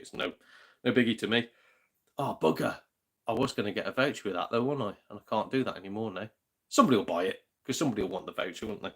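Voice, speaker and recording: A man with a British accent hosting a gaming channel, chatting casually on a livestream and reading out viewer comments, joking, laughing often and swearing mildly. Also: on the low side. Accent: British English.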